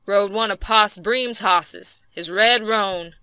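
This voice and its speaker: A woman reading as a bitter hurt lumberman, gruff, hopeless, bright crisp storybook voice. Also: medium pitch, slow pace, no room sound. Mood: weary. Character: injured, bitter, down-on-his-luck male lumberman.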